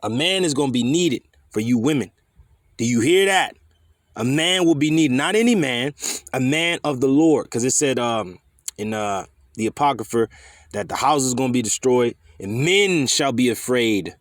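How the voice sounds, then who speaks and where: A man's voice: medium pitch, expressive, normal speed, no room sound, clean studio sound. Scolding profane man preaching scripture. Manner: scolding, profane, rhetorical questions. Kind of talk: fiery scripture teaching.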